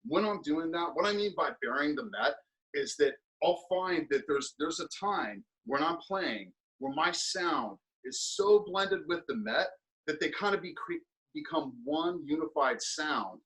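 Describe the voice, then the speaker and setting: A man teaching percussion in an instructional clinic, counting beats aloud and explaining practice habits in a relaxed, thinking-aloud way full of fillers. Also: fairly high pitch, a little slow, poor audio. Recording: steady ticking and tapping noise under the voice.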